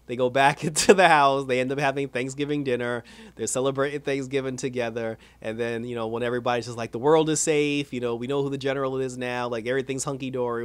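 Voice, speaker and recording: A man casually recapping and reviewing an animated episode. He is animated, laughs often and acts out the characters' lines. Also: mid-range voice, clear, resonant tone, no echo. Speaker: show reviewer.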